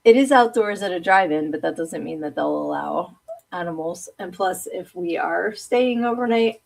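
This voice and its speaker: A woman's voice: fairly low pitch, animated, normal speed, gravelly. A woman hosting a live stream in a casual, chatty way, reading viewer comments aloud and laughing often. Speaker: host.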